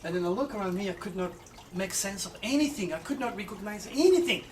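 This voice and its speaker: A man telling a personal story in an animated way, with halting restarts. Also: high-pitched, far from the mic, a little hiss or hum, rough recording. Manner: animated, acts out quoted voices, halting restarts. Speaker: astrologer telling his own story.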